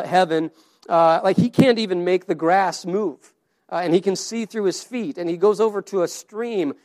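A man's voice: high voice, darkish tone. A man preaching a sermon, earnest and story-driven, often repeating his words as he goes. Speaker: pastor.

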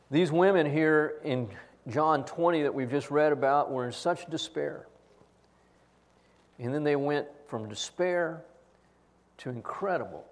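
A man pastor preaching an earnest Easter-style sermon, telling a personal story and acting out its quotes. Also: mid-range voice.

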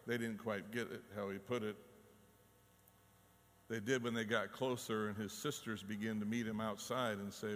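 A man's voice: fairly low pitch, little pitch movement, normal speed, fairly bright tone, long reverb tail. A man, preaching a conversational sermon and acting out voices as he tells the story. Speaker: pastor.

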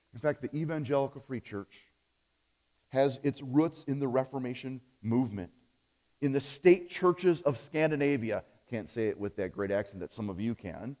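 A man preaching a sermon as pastor, emphatic, punching key words and letting phrase endings drop low. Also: long reverb tail. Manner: emphatic, swings between loud stresses and low dropped phrase endings.

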